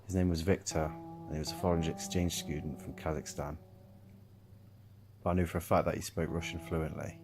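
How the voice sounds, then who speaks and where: Deep-voiced man narrating a creepy tale. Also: level tone, fairly quick, long pauses. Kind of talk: scripted horror story narration. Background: faint guitar music.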